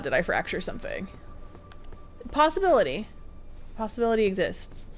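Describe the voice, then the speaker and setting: A woman streaming a game, chatting casually and rambling, with jumpy nervous exclamations. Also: mid-range voice. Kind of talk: casual gameplay commentary.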